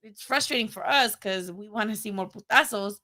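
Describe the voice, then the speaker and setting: A young woman hosting a casual boxing livestream, rambling, animated and profane. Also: medium pitch, a little fast. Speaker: boxing channel host.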